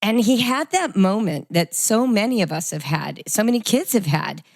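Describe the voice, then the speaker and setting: A middle-aged woman hosting a podcast, telling a family story and leading into questions in an animated, conversational way. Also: mid-range voice, moderate pace, vocal fry, no echo, studio quality. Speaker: podcast host. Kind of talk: conversational interview.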